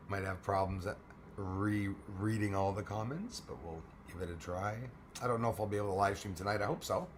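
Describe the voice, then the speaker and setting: A man with a hoarse, failing voice hosting a casual live stream, speaking quietly as he greets viewers. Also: steady tone, moderate pace, long pauses, a little hiss or hum. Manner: speaks quietly and keeps it low. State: hoarse, losing his voice.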